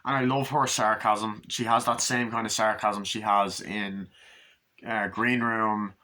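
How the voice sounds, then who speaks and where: A man's voice: fairly low pitch, flat delivery, measured pace, sharp tone. A man giving a rambling, casual spoken movie review, retelling scenes and swearing freely.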